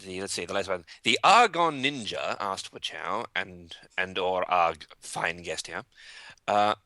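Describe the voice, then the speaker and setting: A man co-hosting a casual chat, haltingly reading a question out to the guest. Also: low voice, expressive, pushed and bright, no room sound. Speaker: co-host.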